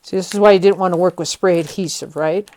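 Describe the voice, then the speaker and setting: A woman's voice: on the low side, steady tone, fast, a little mellow. A woman vlogger talking herself through a hands-on repair project in a chatty, slightly nervous way. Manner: chatty, self-talking while working, nervous. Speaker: vlogger restoring a vintage tree. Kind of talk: casual hands-on how-to narration.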